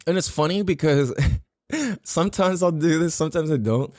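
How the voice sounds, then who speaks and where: A man's voice: fairly high pitch, lively intonation, moderate pace, a little mellow, dry recording, studio quality. A man from the United States hosting a podcast, musing aloud in a casual monologue and swearing freely. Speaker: podcast host.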